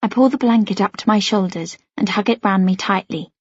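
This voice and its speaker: A woman narrates a first-person novel in an expressive, slightly anxious storytelling voice. Her pitch is mid-range, and the studio sound is dry and a little dull. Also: a little fast, breathy edge, dry recording. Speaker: audiobook narrator.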